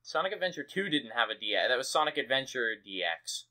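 Bright-voiced young man on a podcast. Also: mid-range voice, sing-song, rough recording. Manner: quick to correct others, laughs into shouting bits. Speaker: podcast co-host. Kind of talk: casual chat. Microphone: close podcast mic.

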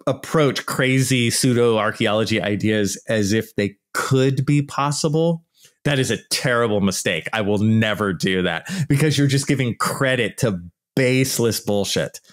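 Podcast host, male, exasperated blunt ranter, mid-pitched with a lively, swooping delivery. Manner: exasperated, emphatic, blunt and profane; mocks opponents in put-on voices. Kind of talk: casual ranting monologue.

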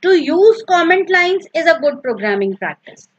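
A woman's voice: very high-pitched, very animated, normal speed, lo-fi sound, slight background noise. A woman teaching a recorded grammar lesson, patiently repeating each example and explaining step by step.

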